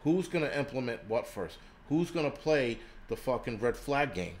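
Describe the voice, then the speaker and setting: A man's voice: mid-range voice, very animated, normal speed, slight background noise. A man hosting a livestream, ranting heatedly with lots of cursing and stammered restarts, reading and answering chat comments. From United States. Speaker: livestream host. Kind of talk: profane livestream rant.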